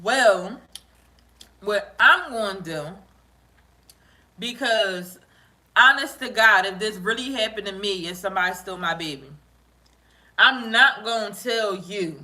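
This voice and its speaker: A woman telling an exaggerated, comedic story in casual chat, animated and often laughing as she talks. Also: mid-range voice, unhurried, long pauses.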